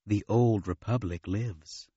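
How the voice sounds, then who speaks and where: Guy doing a solemn old bird-like alien lady, slow and low, kinda dull audiobook sound. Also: mellow, slightly rough, no echo. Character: dignified old feathered alien woman.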